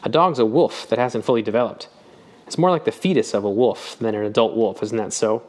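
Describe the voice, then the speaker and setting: A man's voice: lowish voice, a little fast, darkish tone, lightly acted. Wry older guy, talks like he's lecturing kindly, man reading him. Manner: thoughtful, lecturing.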